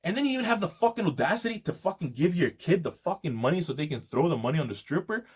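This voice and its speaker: A man's voice: fairly high pitch, sing-song, quick pace, darkish tone, slightly rough. A man delivering an indignant, profane monologue to his audience. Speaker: video host. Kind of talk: angry monologue.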